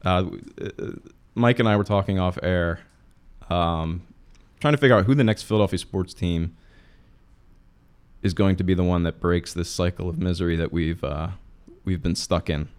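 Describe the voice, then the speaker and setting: A young adult man co-hosting a casual sports chat, quick and self-deprecating, often restarting his sentences. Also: sits low, a little mellow, clean tone. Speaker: podcast co-host, sports columnist.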